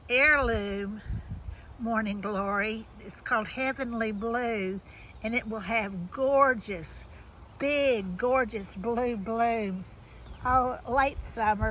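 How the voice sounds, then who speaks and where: A woman's voice: a little high, bright, forceful tone, slight background noise, low-quality recording. A woman giving a rambling, chatty walk-through of her garden outdoors, restarting her sentences often. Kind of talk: casual walk-through tour.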